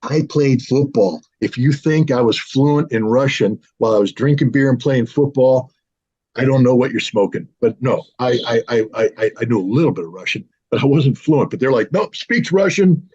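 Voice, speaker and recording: An older American man spins a personal story in a loose, animated monologue, now and then mimicking the people in it. His voice is husky and sits at an ordinary middle pitch. The sound is a bit dull and lo-fi. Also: normal speed. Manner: animated, with lively mimicry of others. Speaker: show host telling a personal story.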